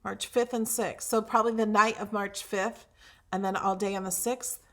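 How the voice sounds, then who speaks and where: A woman's voice: medium pitch, fairly even intonation, normal speed, bright, forceful tone. A woman hosting a craft livestream, chatting casually with viewers, gushing over her projects with fillers and restarts.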